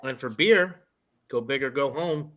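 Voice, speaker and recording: A man chatting casually as a guest on a live stream, unhurried and matter-of-fact. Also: mid-range voice, a bit bright, slight background noise. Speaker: guest on a live beer show.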